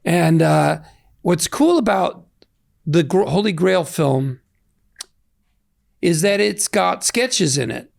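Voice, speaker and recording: Gravelly-voiced man in his sixties. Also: sits high, animated, slow pace, pauses often, no echo, clean studio sound. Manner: reflective, rambling, self-deprecating. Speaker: interview guest. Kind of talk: casual interview talk.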